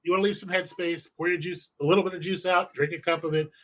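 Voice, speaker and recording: A man with a slightly raised pitch co-hosts a casual podcast. He rambles through instructions, swearing for emphasis and correcting himself as he goes. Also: steady tone, fast. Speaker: podcast co-host. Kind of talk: casual profane chat.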